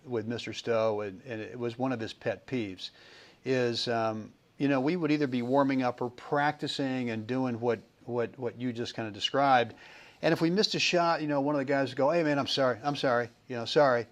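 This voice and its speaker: A man hosting a casual podcast, telling stories in a chatty way with repeated words and animated quotes. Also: mid-range voice, normal speed. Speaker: podcast host.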